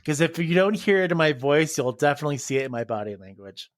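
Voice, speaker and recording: A podcast guest with a slightly high, animated male voice tells stories at a quick pace, laughing and giggling often in casual chat. The audio is studio quality, with no echo.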